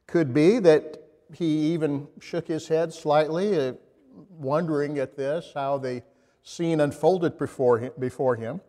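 A man preaching a sermon in a reflective storytelling manner, pausing and restarting as he speaks. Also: on the high side, a little mellow, big-room sound.

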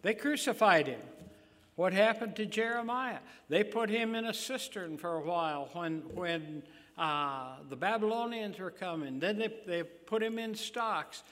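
An older man preaching a sermon in a halting, folksy way, with many fillers and restarts. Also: high voice, expressive, fairly bright tone. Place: church sanctuary. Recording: long hall reverb.

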